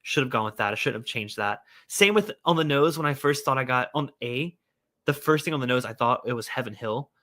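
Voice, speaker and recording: Male livestream host, casual and animated, bright forward tone, quick to exclaim and scold himself. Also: mid-range voice.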